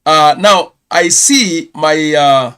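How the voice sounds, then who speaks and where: Chatty Kenyan man, somewhat high voice. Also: extremely slow, bright, forceful tone, clean tone. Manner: chatty, self-correcting, reads viewer comments. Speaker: pastor. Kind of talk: live-streamed news round-up.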